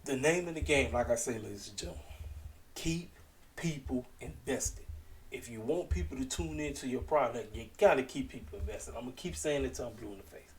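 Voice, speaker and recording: Brief: a mid-pitched man doing a chatty home recap, audience-facing, slightly distant mic. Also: brisk. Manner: animated, talks straight to the audience, keeps calling out "ladies and gentlemen". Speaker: wrestling show reviewer. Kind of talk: casual recap monologue.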